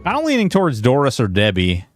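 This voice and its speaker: A man's voice: medium pitch, huge pitch swings, brisk, faint music behind. A man streaming a video game, talking in an earnest, rambling way into a headset. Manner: earnest, rambling, with many restarts. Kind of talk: livestream chat and game commentary.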